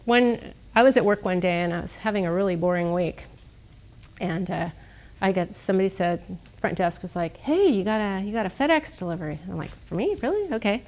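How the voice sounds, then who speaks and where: A middle-aged woman speaking as a guest speaker, telling stories in a lively, snarky way and laughing often. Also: fairly low pitch, brisk. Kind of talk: casual storytelling talk. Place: lecture room.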